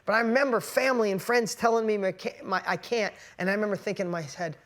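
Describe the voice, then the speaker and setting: A man's voice: high voice, steady tone, fast, few pauses, fairly bright tone. A man giving an emphatic motivational talk to a live online audience, often repeating and restarting his words. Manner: emphatic, repetitive, self-interrupting. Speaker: motivational coach.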